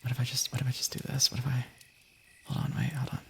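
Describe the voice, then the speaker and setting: Whispering on an ASMR stream, a young man chats and reads stories aloud, giggling and interrupting himself in a playful way. His mid-range voice is monotone, quick, creaky, slightly rough, and a bit bright.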